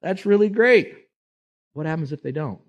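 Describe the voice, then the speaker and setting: A man doing a male angel, cheeky, chummy, quizzical, pitched up. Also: lively intonation, normal speed, highs cut off, natural voice.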